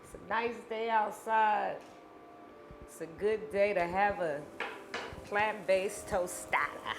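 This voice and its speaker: A woman's voice: mid-range voice, slow pace, slight background noise. A woman hosting a home cooking tutorial, chatting playfully and speaking straight to her viewers. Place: home kitchen. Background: music.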